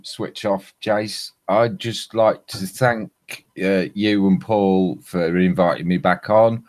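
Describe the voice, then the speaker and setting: An older man with a lowish voice, from Lincolnshire, talking casually on a podcast. He wanders through his stories, restarting sentences as he goes. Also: darkish tone. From Lincolnshire, England. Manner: chatty, rambling storyteller with many restarts. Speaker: former podcast host, guest. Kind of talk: casual chat.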